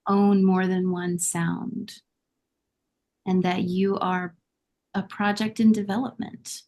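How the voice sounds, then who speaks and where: A woman speaking as a guest accent coach in a podcast interview, giving measured and encouraging advice. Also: medium pitch, little pitch movement, a little mellow. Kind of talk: conversational interview answers.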